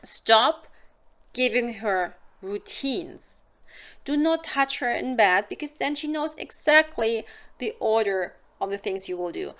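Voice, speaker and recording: Speaking slowly in a fairly high, slightly bright voice with lively intonation, this woman from Germany gives casual direct-to-camera advice. She has a German accent and talks openly as a hypnotist and sex advisor, playing out small scenes with silly voices.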